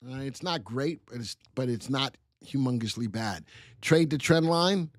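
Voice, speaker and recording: A man hosting a live stock market stream, bantering with chat and spelling out ticker symbols in an excitable, teasing way. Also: mid-range voice, a little slow, dry recording, studio quality.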